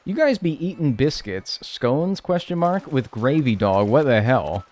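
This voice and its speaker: A man's voice: medium pitch, big pitch swings, unhurried, darkish tone. An American man chatting casually on a live stream while playing a game, joking with his chat and swearing freely.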